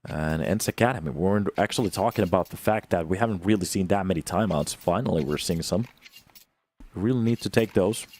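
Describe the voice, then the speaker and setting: A young man giving live play-by-play commentary on an esports match, swinging from calm analysis to loud bursts of excitement. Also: brisk. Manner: calm analysis that jumps to loud, high-pitched excitement on big plays. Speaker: esports caster.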